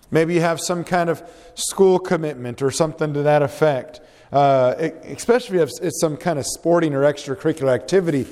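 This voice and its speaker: A man's voice: fairly high pitch, brisk, a little mellow, big-room sound. A man preaching a sermon, earnest and exhorting, putting questions to the congregation.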